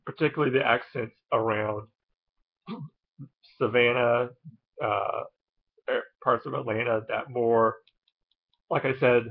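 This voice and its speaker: A man explaining something in a casual, halting way, with frequent ums and uhs. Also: mid-range voice, steady tone, vocal fry, phone-quality sound. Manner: hesitant, many ums and uhs. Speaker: video host.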